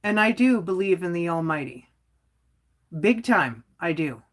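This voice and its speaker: A woman's voice: fairly low pitch, lively intonation, a little slow. A woman hosting her own livestream, talking casually and bluntly, rambling with lots of "like" and chuckling as she goes. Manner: outspoken, rambling, frequent "like". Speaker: livestream host.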